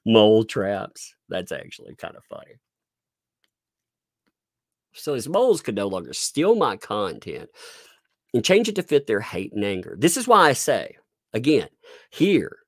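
A man's voice: fairly low pitch, no room sound, studio quality. A middle-aged man giving sarcastic live-stream commentary while reading court documents, with chuckling asides and frequent restarts.

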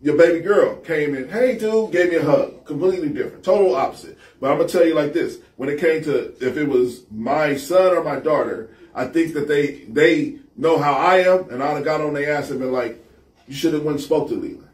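Animated man telling stories on a podcast. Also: on the high side, a little fast, hardly any pauses. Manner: animated storyteller, emphatic and repetitive. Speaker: podcast co-host. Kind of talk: casual podcast chat. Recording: echoey room, mic set far off.

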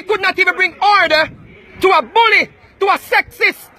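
A man from Jamaica, loudly accusing and taunting people in a heated street confrontation. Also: extremely high pitch, moderate pace. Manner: loud, accusing, repetitive taunting. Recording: noisy crowd around, outdoors.

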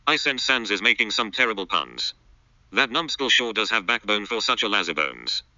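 Man reading as a boastful vain skeleton, low voice, very bright edge, muffled lo-fi sound. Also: big pitch swings, moderate pace, no echo, exaggerated voice. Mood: smug. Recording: dull, muffled lo-fi recording.

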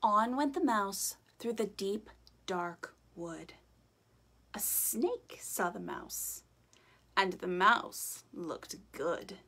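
A woman, a teacher type, reading a picture book aloud to children in a gentle, chatty way. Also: mid-range voice, animated, extremely slow.

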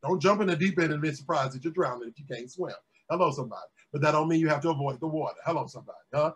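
A pastor preaching a sermon, calling out to his congregation and rising to shouts, recorded in a closed room with its windows blacked out for filming. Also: on the high side, rapid-fire, few pauses, slightly rough, low-quality recording.

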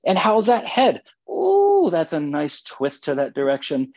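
Husky guy coaching stretches, silly and jokey, muffled lo-fi call audio. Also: fairly high pitch, animated, moderate pace. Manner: playful, goofy, self-mocking. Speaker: physical therapist leading stretches. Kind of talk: guided exercise instruction.

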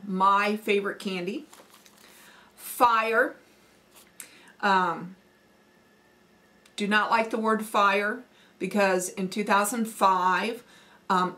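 A woman's voice: medium pitch, bright, forceful tone. A woman with a Missouri Midwestern accent, hosting a homesteading vlog in a chatty, folksy manner. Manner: chatty, folksy, with fillers and laughs. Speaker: homesteading channel host. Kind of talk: casual accent-challenge vlog.

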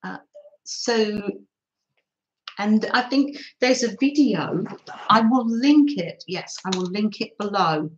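An older woman talks in an unhurried, easy way, greeting viewers during a relaxed craft live stream. Her soft, chatty voice carries some room echo. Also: mid-range voice, dull audio, slight background noise. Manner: soft, chatty, often laughing and apologising. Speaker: craft channel host.

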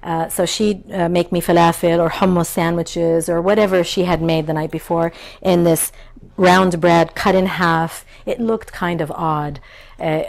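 Creaky-voiced woman telling stories. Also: fairly low pitch. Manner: warm storytelling, acts out childhood voices. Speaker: chef and cookbook author. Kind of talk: interview conversation.

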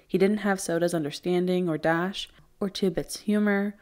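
A woman's voice: lowish voice, steady tone, normal speed, darkish tone. A woman teacher reading a novel aloud, giving the characters' dialogue its own earnest tone. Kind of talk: audiobook read-aloud with character voices.

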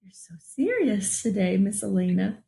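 A woman teaching a children's music lesson, upbeat and praising as she gently gives instructions. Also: mid-range voice, very animated, normal speed, vocal fry.

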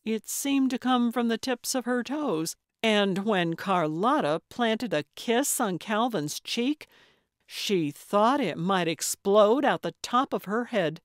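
Measured, slow-reading woman narrator. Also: mid-range voice, no room sound, studio quality. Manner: even, measured storytelling. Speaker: audiobook narrator. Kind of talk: scripted narration.

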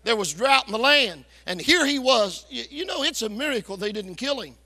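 A man preaching a revival sermon, telling a story loudly and with hard-driving force. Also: very high-pitched, animated, moderate pace, few pauses. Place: church sanctuary. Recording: echoey church hall.

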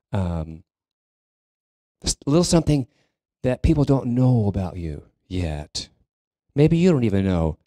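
In a church sanctuary, a minister preaches to his congregation at a slow, unhurried pace, frequently pausing and starting sentences over. His low, mellow voice is miked closely and dry, with little room sound and no echo.

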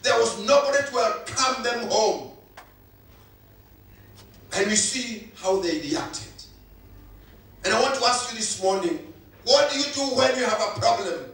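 A man's voice: extremely high pitch, expressive, measured pace, pauses often, a bit bright. A male pastor, preaching a sermon with emphatic repetition. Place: church hall. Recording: echoey hall, voice from far off.

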